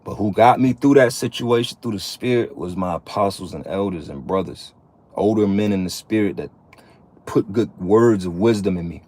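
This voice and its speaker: A man's voice: fairly low pitch, normal speed, a little mellow. Blunt, preachy man in his thirties. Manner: blunt, profane, preachy, keeps saying "man". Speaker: religious vlogger. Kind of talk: profane street-preaching monologue.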